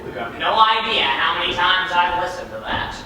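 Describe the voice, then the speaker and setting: A man's voice: sits high, big pitch swings, moderate pace, over music. A young man playing a wistful theatre-fan narrator in a school stage musical, rambling and confiding to the audience. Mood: wry. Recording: echoey hall from far off.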